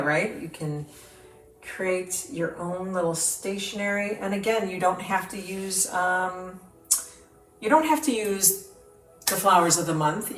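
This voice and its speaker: A woman's voice: mid-range voice, far from the mic. A woman hosting a crafting demo, chatting enthusiastically to viewers as she works, with the hiccups. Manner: chatty, enthusiastic, talks to viewers while working. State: has the hiccups. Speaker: craft video host. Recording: roomy, off-mic, with clear background noise.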